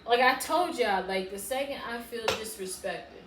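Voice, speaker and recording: A woman, casually telling a storytime on her channel and loudly acting out her past self in bursts. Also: moderate pace. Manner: animated, swings into loud high-pitched re-enactments of her past self. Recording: echoey room with faint background noise.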